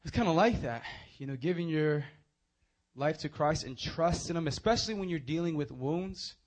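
A young male preacher with a voice that sits a little high. He tells stories with lively, swinging energy, then turns quiet and earnest when he makes his point. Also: moderate pace. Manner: animated storytelling, swinging from hushed to loud. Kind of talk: sermon.

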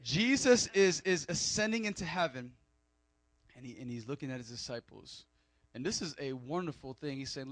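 A man preaching a sermon, animated with joking asides and loud emphatic peaks. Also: medium pitch, normal speed, no echo. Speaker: pastor.

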